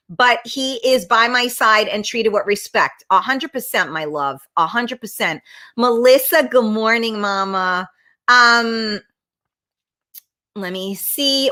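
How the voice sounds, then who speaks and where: Brash new lady hosting a live chat, swears a lot, bright sharp voice, kinda high. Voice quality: brash, blunt, swears freely. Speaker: talk show host. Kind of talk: casual live-stream chat reading viewer comments.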